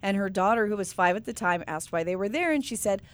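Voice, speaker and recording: A middle-aged woman co-hosting a radio show, reading listener posts and telling stories in an animated way with frequent laughter. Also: mid-range voice, quick pace, smooth. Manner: animated storyteller, laughs often.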